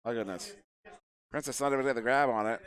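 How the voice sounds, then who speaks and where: Casting a live esports match at an event venue, this man calls the plays in a rapid-fire, steady, mid-range voice that is a bit bright, clear and resonant. Between calls he chats offhand and jokes with the people in the room.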